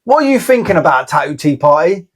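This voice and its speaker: A man's voice: fairly high pitch, big pitch swings, fast. A man co-hosting a podcast about tattooing, casually teasing his co-host with sweary interjections. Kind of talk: casual chat.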